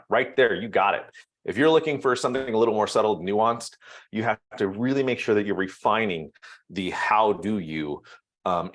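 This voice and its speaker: A man giving a casual live online training, thinking aloud while he types and filling pauses with ums. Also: lowish voice. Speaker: real estate trainer.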